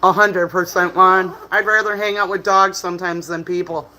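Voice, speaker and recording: A man telling lively stories on a live stream from a bar, laughing often and cursing freely. His voice is bright and forceful, sitting a little high for a man. The talk is loose and casual. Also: normal speed, slight background noise, rough recording. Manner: animated storyteller, laughs often, swears freely. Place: bar, indoors.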